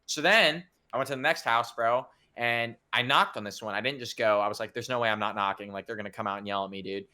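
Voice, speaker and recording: A young man telling a story in a casual podcast chat, animated and swearing a lot as he acts out the people in it. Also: mid-range voice, fast talker, few pauses.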